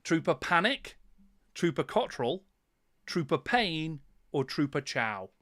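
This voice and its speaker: A man's voice: fairly high pitch, very animated, slow, fairly bright tone, dry recording, studio quality. Giggly playful male quiz host. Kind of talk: casual livestream quiz hosting.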